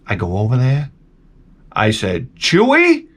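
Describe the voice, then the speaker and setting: Man, casual comedic rant, rambling and profane, lively swooping pitch, slightly high voice. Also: moderate pace. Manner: rambling, profane, animated storytelling. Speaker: vlogger.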